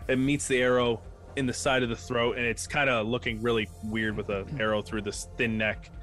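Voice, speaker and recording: A man narrating combat as game master in a loose, casual way, with fillers and restarts, counting dice out loud. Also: medium pitch, flat delivery, normal speed, soft background music.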